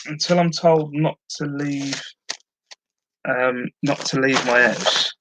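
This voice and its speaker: A man's voice: medium pitch, takes it slowly, background noise. A man chatting casually on a live stream while packing orders at home and humming to himself. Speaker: online reseller streaming live. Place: at home, indoors.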